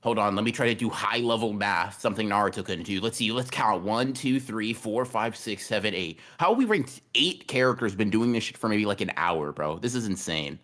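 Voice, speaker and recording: A man's voice: lowish voice, a little fast, few pauses, a bit bright. A man co-hosting a podcast in a casual livestream chat, rambling and cursing, often repeating his words. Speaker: podcast co-host.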